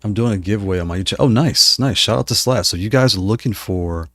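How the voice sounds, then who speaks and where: A man chatting casually with his live-stream viewers while playing, thinking aloud with many restarts, his voice slightly hoarse. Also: on the low side, fast talker, hardly any pauses, bright, forceful tone, no echo, studio quality.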